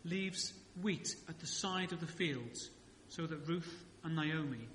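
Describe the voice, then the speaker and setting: Bright-toned male pastor in an echoey church. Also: fairly high pitch, slow, slight background noise. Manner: conversational preaching with rhetorical questions and humorous asides. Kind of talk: sermon. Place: church sanctuary. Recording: echoey church hall reverb.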